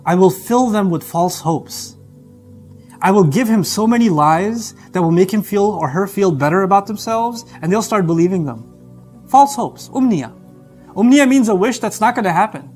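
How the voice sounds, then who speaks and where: Guy preaching, high voice, super animated and emphatic, soft music underneath. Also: moderate pace. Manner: animated, emphatic, acts out dialogue. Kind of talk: sermon. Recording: faint background music.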